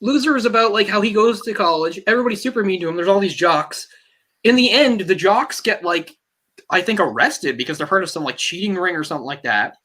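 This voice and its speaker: A man co-hosting a casual movie discussion podcast, a singer with a tenor voice, talking in a rambling, animated way full of fillers. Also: high voice, brisk. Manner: rambling, animated, heavy use of "like"; tenor speaking voice from a trained singer. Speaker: podcast co-host. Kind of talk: casual film discussion chat.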